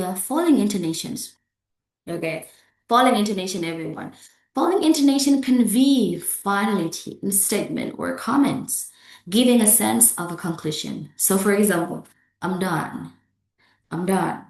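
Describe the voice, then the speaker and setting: A woman's voice: mid-range voice, animated, moderate pace. A woman giving a pronunciation lesson as an English lecturer. She repeats example phrases and checks in with "yeah?". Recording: echoey room.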